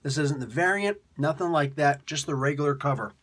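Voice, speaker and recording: A man casually reviewing a comic book for his video channel, excitable and rambling, laughing often. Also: a little high, a little fast, breathy edge.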